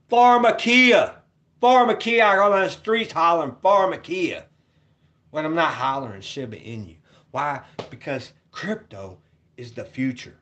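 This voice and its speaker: A man vlogs from home in a rambling, repetitive rant full of cursing, swinging between loud hollering and low muttering.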